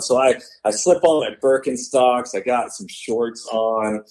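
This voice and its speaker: Man telling a lively hunting story. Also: mid-range voice, unhurried, low-quality recording. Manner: animated, acts out quoted voices. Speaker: podcast guest, hunter. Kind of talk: casual storytelling.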